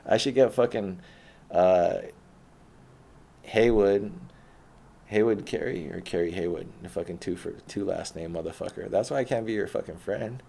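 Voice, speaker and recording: A man's voice: sits low, moderate pace, gravelly, warm tone. A man rambling through a profane, laughing monologue as a podcast host, swearing constantly.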